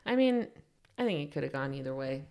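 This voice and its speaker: A young adult woman co-hosting a book club podcast, chatting casually with relaxed, dry, brief replies. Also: low-pitched, fairly quick. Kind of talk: casual chat.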